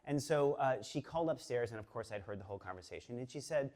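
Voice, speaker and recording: A man's voice: medium pitch, fast talker. Chatty man telling a story on stage. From Boston area. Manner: chatty, animated, many fillers and restarts. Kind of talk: live personal storytelling. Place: stage before a live audience.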